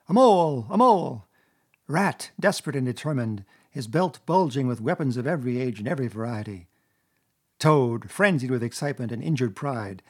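A man narrating a classic children's story in a measured, expressive audiobook reading. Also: medium pitch, breathy edge.

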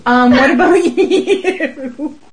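A woman's voice: high voice, extremely slow, background noise. A woman co-hosting a casual comedic chat, playful and bawdy, laughing often. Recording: voice recording.

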